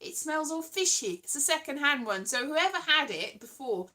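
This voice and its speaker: A woman's voice: sits high, very animated, normal speed, pushed and bright. A woman hosting a casual livestream from home, rambling and self-deprecating, now and then singing her lines. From Wales. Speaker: livestream host.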